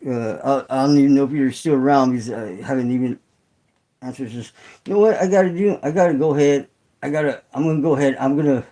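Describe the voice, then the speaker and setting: A middle-aged man chatting loosely to his viewers on a livestream, his voice sitting a little high for a man. He rambles and swears, circling back through "I mean" and restarts. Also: mellow, rough recording. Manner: rambling and profane, many fillers and restarts. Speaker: channel host. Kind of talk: casual livestream chat with viewers.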